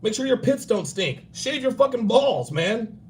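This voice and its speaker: A man in his forties hosting a livestream, giving blunt, profane dating and grooming advice and acting out other people in quick bursts. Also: very high-pitched, sing-song, a little mellow, a little hiss or hum. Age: 40s. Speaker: livestream host.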